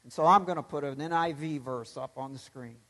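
A man's voice: on the high side, fairly quick, fairly bright tone, long reverb tail. A pastor preaching a sermon, emphatic, swelling and dropping his voice to stress points.

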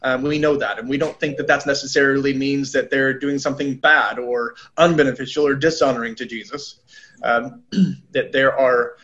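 A man speaking as a pastor in a casual church discussion, earnest and halting with many restarts. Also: mid-range voice, steady tone, a bit bright, muffled recording.

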